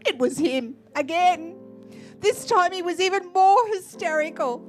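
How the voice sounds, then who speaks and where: An Australian woman telling a personal story on stage in a lively, expressive way, acting out the people she quotes. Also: extremely high pitch, a little slow, faint music behind. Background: faint musical accompaniment.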